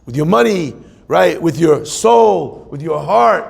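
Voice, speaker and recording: A man's voice: a little high, expressive, slow pace, creaky, breathy edge. A man in his forties, a rabbi, giving a joking, conversational sermon and asking the audience questions. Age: 40s. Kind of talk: humorous sermon. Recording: long hall reverb.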